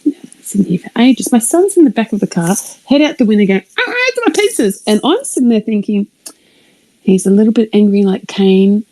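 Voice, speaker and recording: A middle-aged woman, telling a rambling personal story on a live stream, animated and swearing, sometimes dropping to a whisper. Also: mid-range voice, brisk, rough recording. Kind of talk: casual anecdote on a live stream.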